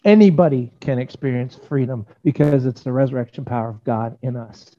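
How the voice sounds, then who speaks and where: Male pastor, mid-pitched, earnest conversational sermon delivery with acted quotes, dull lo-fi church recording. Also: a little fast. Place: church sanctuary.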